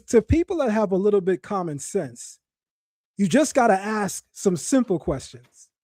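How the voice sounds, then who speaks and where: Hosting commentary for a live chat, this middle-aged son of West Indian parents is emphatic, animated and mocking, frequently starting phrases over. He speaks in a high-pitched voice, captured at studio quality with no echo.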